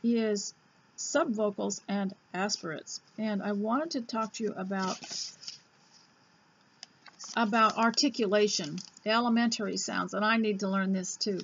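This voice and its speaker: A woman host reading an old school reader aloud, breaking off into chatty asides and admitting she talks too fast. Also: medium pitch, a little hiss or hum. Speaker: homemaking radio host. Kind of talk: casual reading lesson. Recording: dull lo-fi recording.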